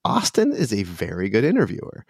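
A man's voice: lowish voice, huge pitch swings, brisk, vocal fry, a little mellow, breathy edge, dry recording, clean studio sound. A man hosting a podcast, chatting casually and animatedly with lots of restarts and laughter. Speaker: podcast host and dungeon master. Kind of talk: casual chat.

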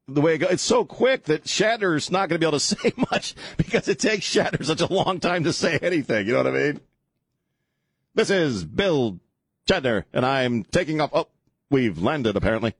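A man's voice: fairly high pitch, expressive, moderate pace, husky, no room sound. A man hosting a talk radio show, rambling and joking in a casual on-air chat, often chuckling as he talks. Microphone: studio broadcast mic.

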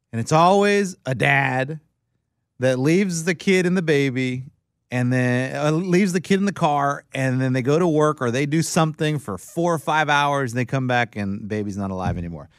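A man co-hosting a radio show, telling a story with lively acted-out quotes in casual banter. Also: medium pitch, normal speed, smooth, no room sound, studio quality. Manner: animated storyteller, acts out quotes.

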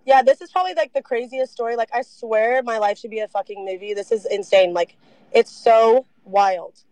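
A young woman telling her story in a casual interview, animated, saying "like" a lot and swearing freely. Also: a little high, fast talker, no room sound, poor audio.

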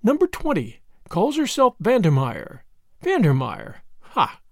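A man's voice: high voice, huge pitch swings, a little slow, no room sound, studio quality, full character voice. A man voicing a plucky young woman who poses as a brash, slangy American detective in an audiobook. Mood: brash, boastful.

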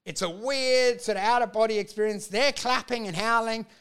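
High-voiced Australian man, profane and animated. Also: normal speed, clear, resonant tone. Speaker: stand-up comedian. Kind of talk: casual podcast chat.

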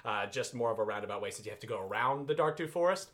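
A man's voice: mid-range voice, animated, racing, a bit bright. A man narrating as game master for a tabletop game, rambling and hesitant. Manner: rambling, hesitant, full of fillers.

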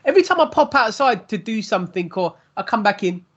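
A man chatting and reacting quickly as co-host of a casual chat. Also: high-pitched, big pitch swings, fairly bright tone. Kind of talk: casual banter. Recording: dull lo-fi recording.

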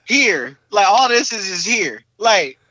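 A young man with a high, bright voice, talking fast and loose in a casual podcast chat. He is animated and slangy and repeats his filler words. The sound is dry and close. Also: dry recording, dull audio. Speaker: podcast co-host.

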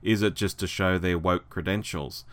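A man hosts a podcast in casual chat. His voice is very low, and he talks in a measured, conversational way. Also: fairly even intonation. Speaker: podcast host.

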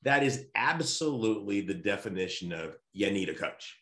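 A low-pitched man tells an animated personal story, stumbling and restarting as he goes. The room around him rings with echo. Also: moderate pace. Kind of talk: casual storytelling chat. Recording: roomy echo.

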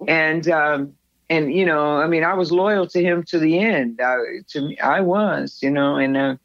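A woman's voice: low voice, a little slow, no echo. An older woman recalls her past for an interviewer, circling back and restarting her sentences as she goes. The sound is close and dry, with a slightly muffled top end. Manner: rambling, frequent restarts, acts out quoted voices. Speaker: interview guest. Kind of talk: candid personal storytelling.

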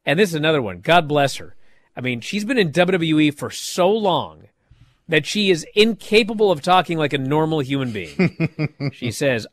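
A man's voice: on the high side, normal speed, no room sound. A man hosting a podcast, recapping wrestling in casual chat and mocking the people he describes with impressions. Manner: animated storytelling with mocking impressions.

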